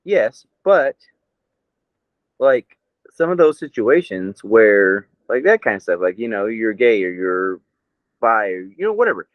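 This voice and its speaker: A man's voice: fairly low pitch, very animated, unhurried, dry recording. American male podcast co-host, rambly and profane, dry dull recording. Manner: profane, rambling, laughs often. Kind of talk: casual chat.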